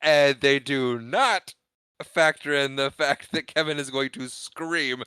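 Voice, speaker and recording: A young man chatting casually about a movie on a podcast, his voice bright and crisp. He acts out quotes from the characters and laughs his way through the retelling. The sound is dry and close. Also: medium pitch, takes it slowly, dry recording. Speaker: podcast co-host. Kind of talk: casual movie recap chat.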